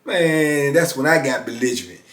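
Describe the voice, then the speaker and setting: A man's voice: medium pitch, moderate pace. A middle-aged man casually telling a story from his past, speaking colloquially and acting out what others said. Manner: animated, colloquial, acts out others' lines. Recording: roomy echo.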